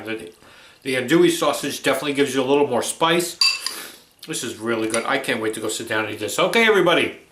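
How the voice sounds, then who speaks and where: A man's voice: medium pitch, a bit bright. A man hosting a home cooking vlog, chatting in an easygoing way and tasting his food as he talks. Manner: chatty and easygoing, keeps saying alrighty. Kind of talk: casual cooking vlog chat. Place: home kitchen. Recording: echoey kitchen room.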